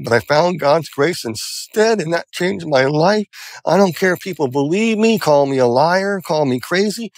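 A man's voice: on the high side, dry recording, poor audio. An older man giving an earnest, rambling personal testimony as an interview guest.

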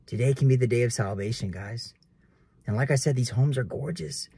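A man's voice: medium pitch, fairly quick, warm tone, breathy edge, dry recording. A man in his twenties preaching earnestly to camera in casual talk, keeps calling viewers guys. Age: 20s. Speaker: realtor vlogger.

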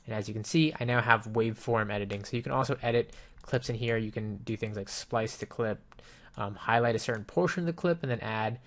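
A man casually demonstrating a program on screen, explaining each step in a relaxed way with frequent ums and you-knows. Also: lowish voice, fairly quick. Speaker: software reviewer. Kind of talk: casual screen-recorded software walkthrough. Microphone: desktop microphone with headphones.

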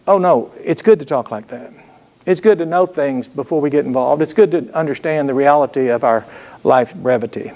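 A man preaching with a drawl, his voice sitting a little high for a man. He spins homespun stories and keeps checking in with the congregation. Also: brisk, a little mellow. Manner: folksy storytelling with call-and-response asides. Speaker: pastor. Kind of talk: sermon.

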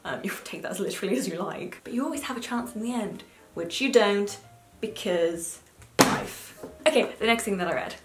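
Animated and brisk, this young woman's mid-range voice carries a casual book-vlog chat peppered with swearing and "like." The room echoes, with faint music playing.

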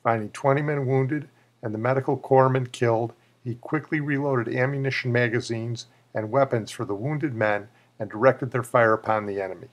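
A man reading an official citation aloud in a measured, formal way. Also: mid-range voice.

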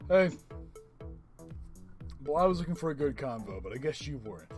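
A man hosting his own video channel, chatting with strangers online in a playful, teasing, mock-deadpan way. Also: a little high, normal speed, music in the background. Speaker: YouTube host chatting with strangers. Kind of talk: casual joking video chat.

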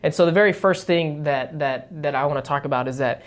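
A man's voice: on the high side, a little fast. Easygoing male co-host who reads a Bible passage and then unpacks it in plain talk. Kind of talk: casual Bible study chat and scripture reading.

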